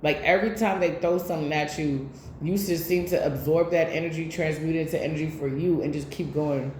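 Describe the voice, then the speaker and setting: A woman's voice: deep voice, fairly even intonation, a little fast, darkish tone, a little hiss or hum. A woman giving a casual tarot reading, speaking bluntly with plenty of swearing, straight to her viewers. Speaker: tarot reader. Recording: echoey room.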